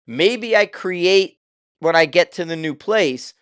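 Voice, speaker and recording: A man's voice: sits high, expressive, takes it slowly, fairly bright tone, smooth, dry recording, clean studio sound. An older man hosting his own show, talking in a casual, rambling way with loose, profane asides. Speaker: show host.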